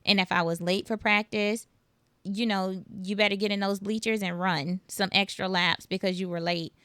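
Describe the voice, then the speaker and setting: A woman hosting a podcast, talking in a relaxed, reflective way and pausing as she asks questions. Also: medium pitch, clean tone, dry recording. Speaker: podcast host. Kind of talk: casual conversational interview.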